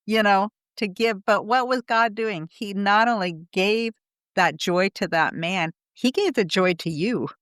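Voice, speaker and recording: A woman hosts a faith podcast, reflecting calmly on her guest's story and drawing out its lesson. Her voice is smooth and resonant at a middle pitch, recorded dry and close. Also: a little slow, no echo. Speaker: podcast host.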